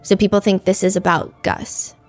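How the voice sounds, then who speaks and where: A woman's voice: mid-range voice, steady tone, moderate pace, darkish tone, faint music behind. A woman hosting true crime commentary in a casual, chatty way, full of "like" fillers. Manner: chatty, frequent "like" fillers, reads lyrics aloud.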